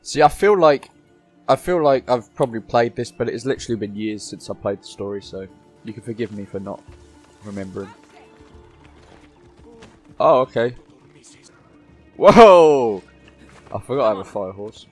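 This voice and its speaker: A man's voice: fairly low pitch, a little fast, pauses often, husky, faint music behind. A man giving casual, joking gameplay commentary, swearing freely as he plays. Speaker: gameplay YouTuber.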